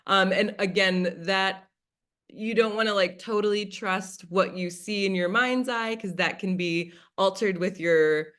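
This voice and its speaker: An American woman facilitating a class teaches in a casual, chatty style, often acting out her own past thoughts as quoted asides. Her voice is medium-pitched, a bit bright, and a little slow.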